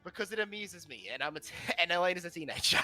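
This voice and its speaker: A man's voice: high-pitched, lively intonation, fast, pushed and bright, faint music behind. A man chatting and joking as a player in an online tabletop role-playing session, teasing the others and laughing often. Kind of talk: casual tabletop banter.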